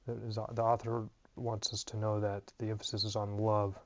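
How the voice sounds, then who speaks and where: In a dull, dry lo-fi recording, a weary man works through an informal, unplanned Greek grammar lesson, filling his thinking-aloud with ums and uhs. He has a lowish voice with little pitch movement and a moderate pace.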